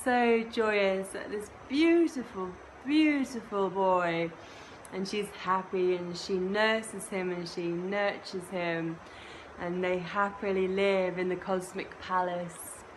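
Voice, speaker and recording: A woman teaching kirtan and telling a myth in an unhurried, expressive way, with soft laughs and asides. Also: fairly low pitch, a little hiss or hum, low-quality recording. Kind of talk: storytelling a myth.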